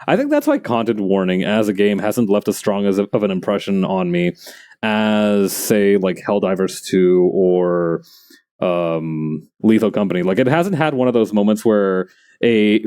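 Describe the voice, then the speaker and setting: A man with a lowish, mellow voice streams while making a plush. He chats casually as he crafts, rambling, joking, and often laughing.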